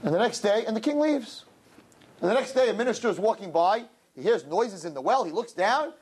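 A man giving a Jewish sermon and telling a parable, dramatic and swinging from low murmurs to high shouts. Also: lively intonation, fairly quick, husky. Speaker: Jewish speaker.

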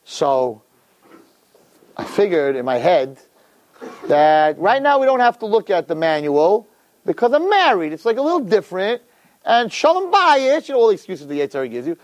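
A man who teaches, telling a personal story to a live audience in an animated, expressive way. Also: moderate pace. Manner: animated, expressive storyteller with big pitch swings.

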